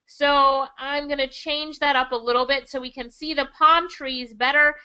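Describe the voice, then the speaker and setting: A woman's voice: high-pitched, steady tone, normal speed, bright, forceful tone. A woman with a Jamaican accent giving an enthusiastic, chatty screen-share tutorial, laughing often as she walks through a design tool. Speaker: online income instructor. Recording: slightly dull lo-fi audio.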